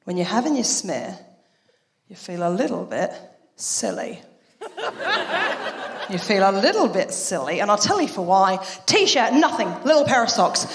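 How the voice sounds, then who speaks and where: This stand-up comedian has a mid-range, sing-song voice, and the background is noisy. Brash and full of swearing, she does quick impressions of the characters in her tales, playing to a laughing theatre crowd in a roomy, reverberant live hall.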